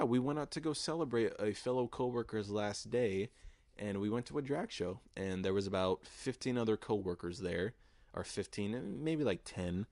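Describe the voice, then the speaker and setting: Young guy in his 20s rambling a story, cussing a lot, lowish voice, really dry sound. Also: darkish tone, dry recording. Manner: rambling, profane, lots of fillers. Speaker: podcast host. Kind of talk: casual storytelling monologue.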